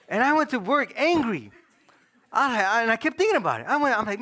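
A middle-aged man preaching a personal testimony in casual, slang-filled storytelling that swings between loud and hushed. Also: sits high, animated, fast talker. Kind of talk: sermon testimony.

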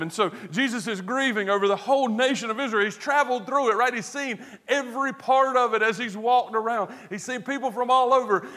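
A high-voiced man preaches a sermon as a pastor, earnest throughout. He shifts between hushed tones and emphatic stress and poses rhetorical questions.

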